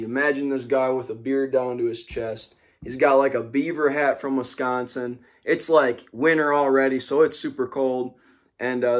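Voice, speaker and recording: Rambling young male teacher, chatty. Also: mid-range voice. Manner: rambling, full of "like" and "you know". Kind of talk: casual classroom talk.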